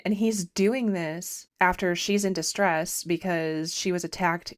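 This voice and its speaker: A woman's voice: lowish voice, measured pace, no room sound. Dry-humored woman podcast co-host. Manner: wry, deadpan jokes. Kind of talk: casual chat reviewing a film.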